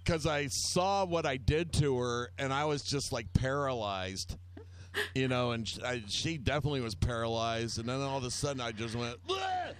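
A man's voice: mid-range voice, moderate pace, noisy background. A man telling rambling, self-mocking anecdotes in casual chat, acting out the people he quotes.

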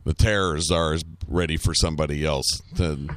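A man co-hosting a talk show, chatting casually, laughing often and shouting out movie quotes. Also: very deep voice, fairly even intonation, normal speed. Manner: laughs a lot, quotes movie lines in loud shouted voices. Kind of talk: casual banter.

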